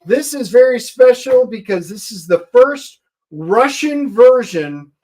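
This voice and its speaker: High-voiced enthusiastic male co-host. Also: lively intonation, takes it slowly, a little mellow. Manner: enthusiastic, explaining to viewers. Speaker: co-host of a comic book show. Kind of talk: casual chat.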